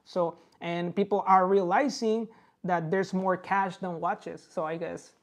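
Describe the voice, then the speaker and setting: A woman with a Spanish accent, a native Spanish speaker, hosting a watch podcast and talking in a relaxed, rambling way, calling the listener bro. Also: on the low side, a little slow, a loud crowd. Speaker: watch dealer and podcast host. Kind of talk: casual podcast chat.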